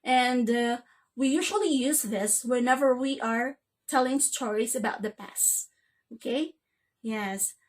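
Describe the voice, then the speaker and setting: A woman's voice: a little high, unhurried. A woman teaching an English grammar lesson, checking in with "okay?" after nearly every phrase.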